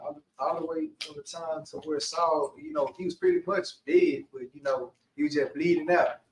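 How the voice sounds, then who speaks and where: A man's voice: fairly high pitch, steady tone, normal speed. A man in a Bible class adding a casual, loose remark full of fillers. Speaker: class participant. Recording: echoey room, far from the mic.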